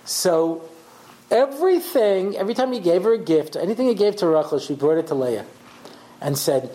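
Expressive and high with a dark tone, the rabbi speaks at a moderate pace on a low-quality recording. He teaches his Torah lecture through storytelling, acting out voices conversationally and checking in with "yeah?".

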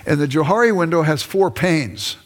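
Older man lecturing, animated and chatty. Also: on the high side, normal speed. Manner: animated, conversational, self-deprecating asides. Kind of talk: classroom lecture.

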